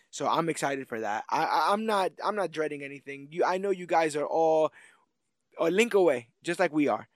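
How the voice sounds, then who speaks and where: A man with a fairly high voice hosts a podcast and signs off in a loose, joking ramble. His voice is recorded close and dry, with no room sound at all. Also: no echo. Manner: playful, joking, rambling sign-off. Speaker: podcast host. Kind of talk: casual podcast outro.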